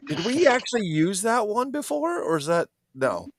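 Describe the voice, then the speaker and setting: A man's voice: high-pitched, moderate pace. A man hosting a casual live-stream chat, swearing freely and laughing a lot as he tells stories. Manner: laughs often, swears, animated storytelling.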